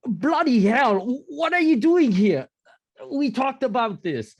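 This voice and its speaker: A man voicing a gruff old British soldier in a tabletop game, with a put-on British accent. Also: extremely high pitch, very animated, unhurried, no room sound, voice pushed up, heavily acted. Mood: exasperated.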